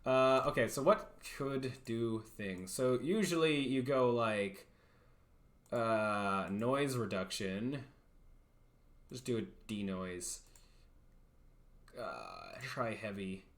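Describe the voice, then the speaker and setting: A man's voice: mid-range voice, big pitch swings, takes it slowly, long pauses. A young man chatting casually on a livestream, rambling, self-deprecating and laughing often.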